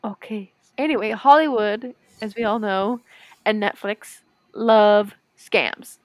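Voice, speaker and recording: A young woman with a Midwestern accent, co-hosting a casual podcast chat and telling stories in an animated, giggly way. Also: medium pitch, takes it slowly, no room sound. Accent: Midwestern American. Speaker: podcast co-host.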